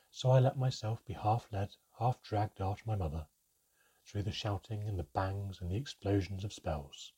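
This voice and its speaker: A man narrates a fantasy storybook in first person, reading at a steady, measured pace. His voice is low and very husky and breathy, and his tone is dark and mellow. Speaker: audiobook narrator.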